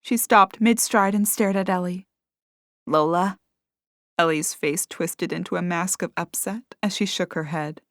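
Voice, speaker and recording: A woman narrating a cozy mystery audiobook in a measured storytelling manner. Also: fairly low pitch, no echo, studio quality. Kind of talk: scripted narration.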